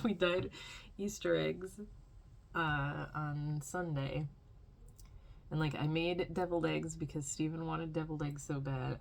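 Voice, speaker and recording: A woman's voice: deep voice, gravelly. A young adult woman vlogging at home, rambling and complaining in a casual diary style with lots of filler words.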